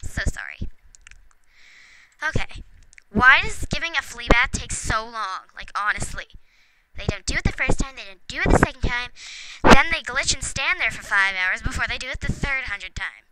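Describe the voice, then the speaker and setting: This let's play gamer speaks at a normal speed in a fairly high, expressive voice with a sharp tone, and the audio quality is poor. Chatting to the game's characters at home, she chuckles often through her casual commentary, with noticeable background noise and clicks.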